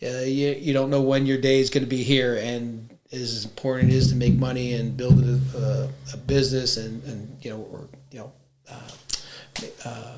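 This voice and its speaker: Man in his fifties, podcast guest, reflective, halting, casual talk. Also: mid-range voice, darkish tone. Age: 50s. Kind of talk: casual chat.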